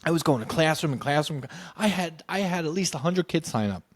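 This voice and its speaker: A man in casual storytelling, animated and acting out what others said. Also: a little high, a little fast. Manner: animated, acts out quoted voices. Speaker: podcast guest telling his story.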